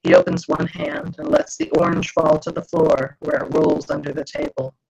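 A woman author reading her novel aloud in first person, with measured storytelling narration over a video call. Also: sits low, huge pitch swings, vocal fry, darkish tone, slight background noise. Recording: dull lo-fi video call audio.

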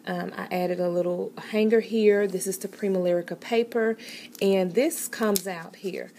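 A woman's voice: medium pitch, fairly even intonation, normal speed, dark tone, a little hiss or hum. A woman vlogger chatting casually with viewers while showing her handmade papercraft projects, with many fillers. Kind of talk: casual show-and-tell craft video.

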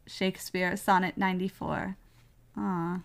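A woman's voice: fairly low pitch, level tone, measured pace, creaky. A young woman co-hosting a podcast, chatting casually and laughing often. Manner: giggly, enthusiastic. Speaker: podcast co-host. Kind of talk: casual chat.

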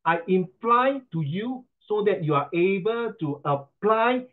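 Joking Singaporean tutor on a tinny line. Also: male voice, high voice, animated, measured pace. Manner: playful, joking, rhyming wordplay. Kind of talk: online class lecture.

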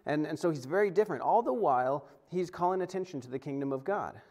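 Speaking fast in a voice on the high side, this male pastor delivers a chatty, animated sermon full of stumbles, fresh starts, and quotes he performs aloud.

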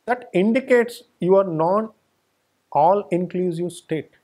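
A man's voice: high voice, slow, darkish tone. A man giving a spiritual discourse, speaking emphatically and building his points through repeated phrases. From India. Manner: emphatic, repetitive lists. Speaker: spiritual teacher. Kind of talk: satsang discourse.

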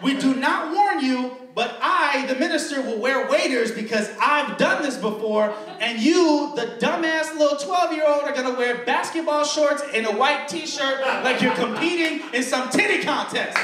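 High-voiced male comic telling a story. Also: moderate pace, hardly any pauses. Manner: animated, crude, self-mocking storytelling. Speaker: stand-up comedian. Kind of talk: stand-up comedy storytelling. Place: comedy club stage. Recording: roomy stage sound from a distant mic.

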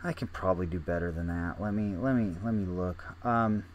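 A young gaming video host thinks aloud casually while playing, his deep voice a little fast. He mocks himself and keeps restarting his sentences.

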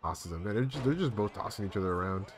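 A young man streaming live, giving excitable play-by-play commentary on a wrestling video game with sudden loud exclamations. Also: lowish voice, fast talker, a little hiss or hum.

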